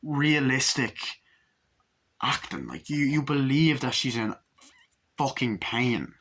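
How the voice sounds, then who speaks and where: A man giving a casual movie review, recapping scenes excitedly with lots of swearing and rambling. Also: mid-range voice, takes it slowly, a little hiss or hum.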